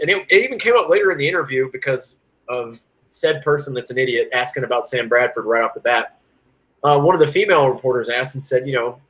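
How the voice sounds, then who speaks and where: A man co-hosting a sports podcast, chatting casually and ranting with rising and falling energy. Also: rough recording. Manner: animated, ranting, swings from loud to low. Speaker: podcast co-host.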